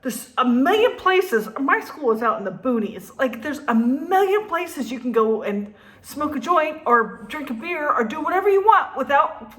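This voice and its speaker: Woman in her 50s telling a story, high voice that swings all over, laughs a lot. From New Jersey. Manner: animated, laughing, swears. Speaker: vlogger. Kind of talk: casual storytelling.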